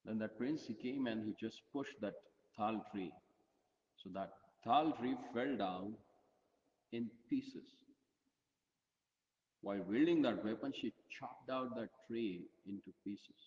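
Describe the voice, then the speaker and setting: A man retelling a sacred story in a devotional talk, halting and repeating words as he goes. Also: lowish voice, darkish tone. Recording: dull audio with long hall reverb.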